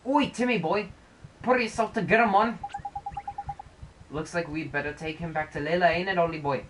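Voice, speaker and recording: A woman's voice: fairly low pitch, normal speed, noisy background, natural voice. A woman putting on a brash fairy man. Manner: bossy, rough-talking, shouty. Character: cheeky male fairy sidekick, brash and blunt. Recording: game music playing under the voice.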